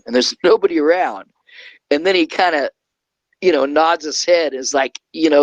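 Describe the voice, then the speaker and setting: A man's voice: fairly high pitch, moderate pace, dry recording, poor audio. A man, a guest from California, telling a rambling story in casual talk and often checking in with "okay?". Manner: rambling, keeps adding "okay?".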